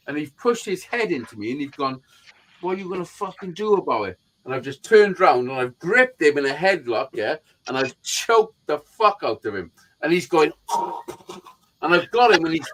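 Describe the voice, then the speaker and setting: A man's voice: a little high, poor audio. A man hosting a live stream, chatting casually and telling profane stories with acted-out quotes. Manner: profane, animated storyteller who acts out quotes. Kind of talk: casual chat, storytelling.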